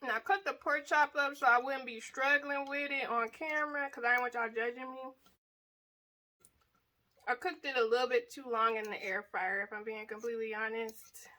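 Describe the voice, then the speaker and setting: Bright-voiced woman chatting while eating. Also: fairly high pitch, fairly even intonation, moderate pace. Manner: chatty and playful, laughs often. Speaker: mukbang vlogger. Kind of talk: casual eat-with-me chat.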